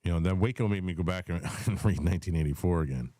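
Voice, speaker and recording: A man in his forties with a very low, dark voice talks through his politics in a rambling, conversational way. The sound is dry and close, with no room around it. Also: quick pace, no echo. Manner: rambling, conversational, swears casually. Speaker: podcast host. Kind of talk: casual political chat.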